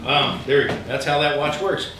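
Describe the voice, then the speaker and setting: A middle-aged man telling humorous personal stories to a live audience, animated and self-mocking, with frequent ums. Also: a little high, brisk. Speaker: speaker sharing stories at a gathering. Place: large room with an audience. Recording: echoey hall, from far off, with background noise.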